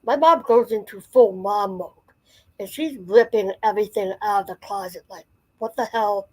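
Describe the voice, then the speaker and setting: A woman's voice: mid-range voice, normal speed, husky, rough recording. A woman in her forties telling a personal story in a casual, rambling way, full of fillers and restarts. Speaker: channel host.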